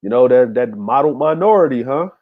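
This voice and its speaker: A man's voice: mid-range voice, lively intonation, brisk, phone-quality sound. A man hosting a casual livestream, talking loosely to his chat with frequent fillers and laughter. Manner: laid-back, laughing, talks to chat with many fillers. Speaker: show host.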